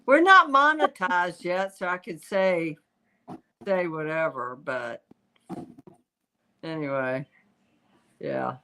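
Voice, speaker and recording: An older woman, a psychic medium hosting a casual livestream, telling stories in an animated way. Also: fairly low pitch, slow, long pauses, smooth, poor audio. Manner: animated storytelling, quotes spirits in voices. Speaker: psychic medium, show host.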